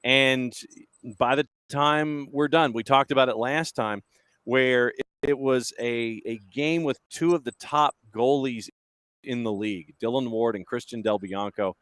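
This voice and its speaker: A man giving measured, analytical commentary as a guest on a sports talk show. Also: mid-range voice, fairly bright tone, clean tone, no echo, studio quality.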